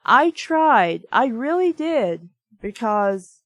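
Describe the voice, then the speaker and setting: Slow-talking Southern American woman. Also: on the high side, very animated, dry recording. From Southern United States. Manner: chatty and rambling, full of "like" and "you know". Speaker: book reviewer. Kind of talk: casual chat.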